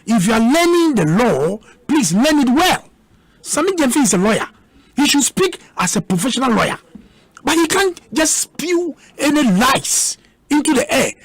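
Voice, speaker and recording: A man's voice: very high voice, big pitch swings, normal speed, slightly rough, no room sound. A man with a Ghanaian accent, arguing heatedly as a guest in a radio debate, combative and repeating words for emphasis.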